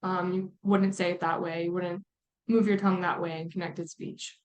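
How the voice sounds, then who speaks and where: A woman lecturing on vowel sounds in a relaxed, explanatory way, often pausing with "um". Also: on the low side. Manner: relaxed explaining with frequent ums. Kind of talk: phonetics lecture.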